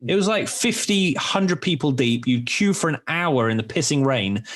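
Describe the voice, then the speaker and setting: A man's voice: on the high side, lively intonation, normal speed, fairly bright tone. A man in his forties hosting a podcast, telling candid, rambling stories in casual chat with some swearing. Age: 40s. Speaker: podcast host.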